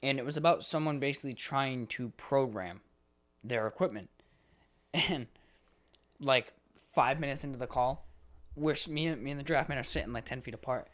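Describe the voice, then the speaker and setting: A man's voice: mid-range voice, normal speed. A young man co-hosting a podcast, ranting in casual chat, swearing a lot and acting out exasperated phone calls. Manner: animated, swearing, acts out exasperated phone callers. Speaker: podcast co-host.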